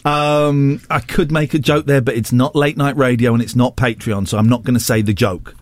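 A man's voice: medium pitch, fairly even intonation, moderate pace, no room sound. A man hosting a radio show, giggly and rambling in playful studio banter.

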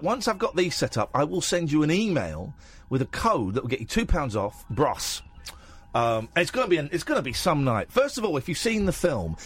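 Here a man's slightly rough, higher-pitched voice carries a relaxed late-night phone-in radio show from the studio. He chats, jokes and rambles into a studio microphone while wearing headphones.

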